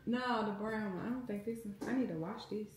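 A woman in her thirties talks casually and directly to her viewers, as if catching up with friends. Her voice rings in an echoey home kitchen, with the clatter of dishes clearly heard behind her. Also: medium pitch, a little fast, very noisy. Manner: chatty, talks straight to viewers as "y'all". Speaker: vlogger. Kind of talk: casual vlog chat.

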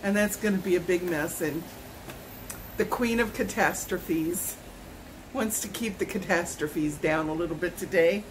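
A woman's voice: lowish voice, measured pace, noisy background. A woman, vlogging a casual product unboxing at home, chatty and rambling with self-corrections. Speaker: YouTube vlogger.

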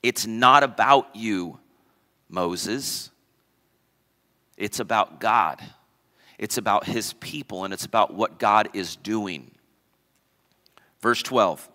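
A man's voice: fairly low pitch, slow pace, pauses often, bright, forceful tone, big-room sound. A man preaching a sermon as pastor, emphatic, repeating key phrases and asking the congregation questions. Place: church sanctuary.

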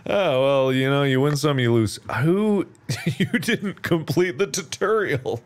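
A man's voice: a little high, unhurried, slight background noise. A man giving live gameplay commentary as a streamer, playful and sarcastic, teasing with mock outrage and laughing often.

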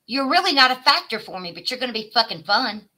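A woman, live streaming a profane, taunting rant at a rival, swinging from shouted demands to low mutters. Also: very animated, fast talker, poor audio. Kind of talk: confrontational livestream rant.

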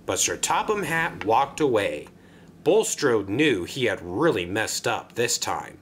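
A man narrating a homemade toy-train story in an expressive storybook manner. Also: fairly low pitch, unhurried, a little hiss or hum.

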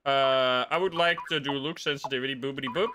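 A young man in the middle of a live game stream reacts with laughs, surprise and swearing, talking fairly quickly in a steady mid-range voice. Background noise and game music sit under his commentary.

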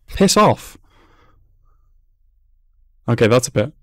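A man talks through an anime episode as he watches it, chuckling and commenting in a loose, amused way. His voice sits at an ordinary middle pitch. The sound is dry and close, with no room echo. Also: lively intonation, unhurried. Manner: laughs often, amused running commentary. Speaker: anime reaction host. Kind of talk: casual reaction commentary.

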